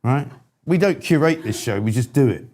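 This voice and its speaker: A man's voice: mid-range voice, animated, normal speed, dark tone. A man hosting a live talk show, speaking bluntly and with exasperation, in an irascible style. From England. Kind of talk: opinionated live show chat.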